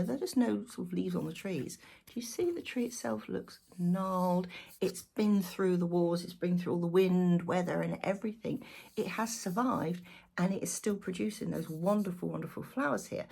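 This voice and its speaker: A woman gives a casual weekly tarot reading to camera, thinking aloud and chatting animatedly as she works through the cards. Her voice is lowish and gravelly, with a breathy edge.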